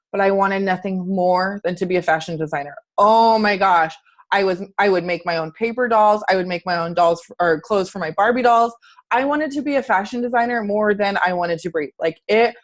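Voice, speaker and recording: A woman fitness coach giving an earnest, chatty motivational talk on a group video call, asking her listeners questions. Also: mid-range voice.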